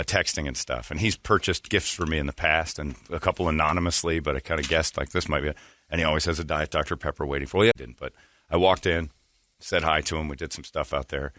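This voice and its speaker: A man's voice: very deep voice, a bit bright, no room sound, clean studio sound. A middle-aged man hosting a morning radio show, rambling through stories with crude jokes. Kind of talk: casual morning radio banter.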